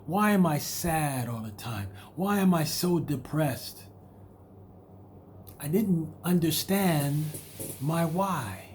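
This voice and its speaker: A man's voice: on the high side, animated, takes it slowly, darkish tone, slight background noise. A man delivering a motivational monologue, hammering home repeated rhetorical questions and speaking candidly about his own struggles. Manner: repetitive, emphatic rhetorical questions. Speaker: motivational video host.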